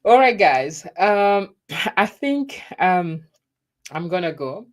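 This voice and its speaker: A woman's voice: medium pitch, big pitch swings, very slow. A middle-aged woman, chatting casually and laughing at herself on her live stream. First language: French. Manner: chatty, laughing, self-deprecating. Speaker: YouTube host.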